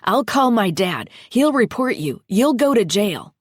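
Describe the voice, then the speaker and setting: A woman narrator voicing a rich teenage schoolboy who shouts threats, his breaking voice cracking high. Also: expressive, a little slow, husky, no room sound, studio quality, exaggerated voice. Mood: indignant.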